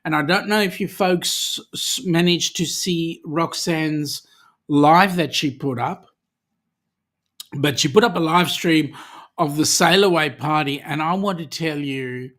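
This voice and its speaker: Australian accent, livestream host, casual chat, jokey, lots of ums, mid-pitched voice. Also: a bit bright. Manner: chatty and jokey, many ums and restarts. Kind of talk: casual livestream chat, reading viewer comments.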